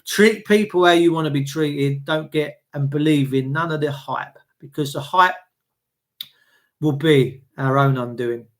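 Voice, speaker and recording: Male streamer, high voice, preachy and blunt, swears, clears throat often. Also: measured pace. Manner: blunt, swearing, preachy, greets viewers by name. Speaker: livestream host. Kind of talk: casual livestream rant.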